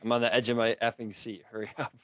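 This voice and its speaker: A man's voice: medium pitch, little pitch movement, fast talker, a bit bright, dry recording, clean studio sound. Teasing man hosting a podcast. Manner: teasing, mock-impatient. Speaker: podcast host. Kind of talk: casual banter.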